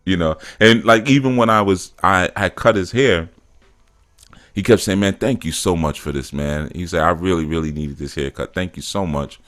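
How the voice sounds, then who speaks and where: In a low, fairly bright voice at a moderate pace, a middle-aged man who is a spiritual teacher hosts a casual talk show. He tells stories loosely, saying "man" and "you know" a lot, acting out quotes and becoming emphatic from time to time.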